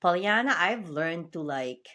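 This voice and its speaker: A woman from the Philippines with a Filipino accent, hosting a podcast interview in a frank, animated way with lots of fillers. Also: on the low side, measured pace. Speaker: podcast host. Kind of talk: casual interview chat.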